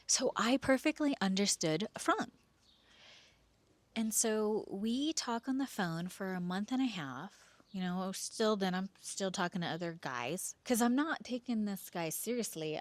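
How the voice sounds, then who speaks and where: A woman in her forties hosting a podcast, telling a personal story in a casual, animated way, dropping to hushed asides and acting out what people said. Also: on the low side, moderate pace, dry recording. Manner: animated, drops to hushed asides, quotes herself.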